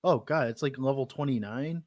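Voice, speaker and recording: A man's voice: mid-range voice, moderate pace, darkish tone. A man playing along on a stream, chatting casually, asking questions and swearing as he exclaims over loot. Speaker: co-player. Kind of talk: casual gameplay chat.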